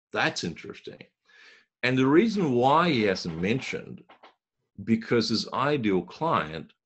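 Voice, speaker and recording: A man presenting a marketing webinar, telling a story and acting out the dialogue, often clearing his throat. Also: on the low side, fairly bright tone.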